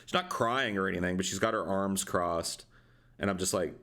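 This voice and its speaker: A man's voice: low-pitched, fairly even intonation, normal speed, a bit bright. A man co-hosting a podcast, telling a rambling, profane story in a casual way. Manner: profane, rambling, laughs often. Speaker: podcast co-host.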